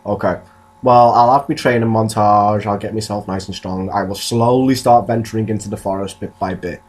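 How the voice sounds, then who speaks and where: A man's voice: fairly low pitch, fairly even intonation, normal speed, darkish tone. A man, co-hosting a podcast and rambling through jokey stories in casual chat. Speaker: podcast co-host.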